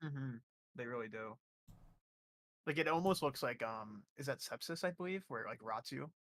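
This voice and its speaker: A stream co-host with a bright, forceful voice, talking casually and rambling as they work through an idea. They stop and restart often along the way. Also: mid-range voice, lively intonation, moderate pace. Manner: rambling, hesitant, many restarts and fillers. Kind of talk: casual reaction chat.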